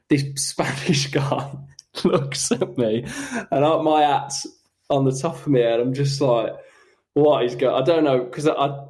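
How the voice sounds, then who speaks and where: A young man, a pro golfer, telling animated, self-mocking stories about his round in casual podcast chat. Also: mid-range voice. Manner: animated, self-mocking anecdotes with quick asides. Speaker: professional golfer guest.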